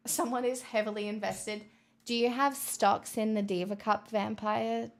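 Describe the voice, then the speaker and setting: A woman's voice: medium pitch, fairly even intonation, measured pace, gravelly. A woman livestreamer chatting casually with her viewers and reading their comments, with playful, mock-boastful banter, frequent swearing and laughs.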